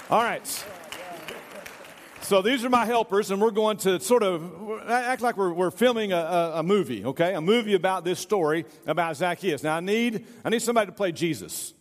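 Preacher guy, kinda high voice, joking around with volunteers, long church reverb. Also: normal speed. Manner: playful, jokey, hurries volunteers along. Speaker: pastor. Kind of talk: sermon with a staged reenactment. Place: church sanctuary.

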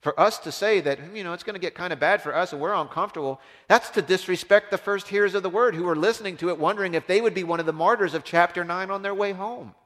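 A man preaching a sermon as a pastor, impassioned, swinging from loud emphasis down to hushed, low tones. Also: fast talker, few pauses. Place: church. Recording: long reverb of a large hall.

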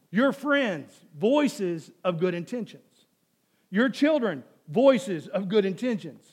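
A pastor with a high-pitched voice preaches a sermon, speaking emphatically and repeating himself as he poses rhetorical questions to the congregation.

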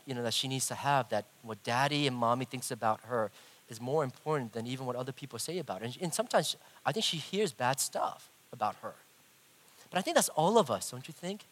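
A middle-aged man preaching a sermon, telling a personal story in an animated way and acting out the voices. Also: medium pitch. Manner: animated, acts out voices, big swings in loudness. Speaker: pastor.

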